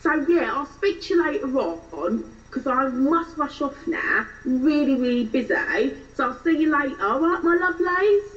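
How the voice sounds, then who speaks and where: A woman voicing a bubbly, shallow young Essex woman, with an Essex accent, chatty rising questions and drawn-out words. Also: high voice, expressive, far from the mic, lo-fi sound.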